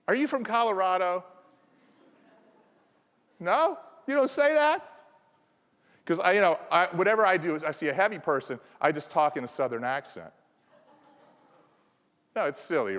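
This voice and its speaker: Speaking on the high side with a somewhat bright sound, a Southern American man delivers a playful keynote. He teases the crowd, and the conference hall around him echoes.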